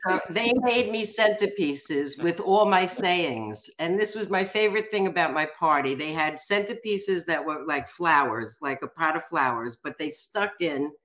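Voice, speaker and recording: A woman's voice: fairly low pitch, moderate pace, few pauses, poor audio. A woman in her seventies, a guest telling stories in a brash, joking way. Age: 70s. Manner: brash, joking, animated storyteller. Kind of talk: casual storytelling.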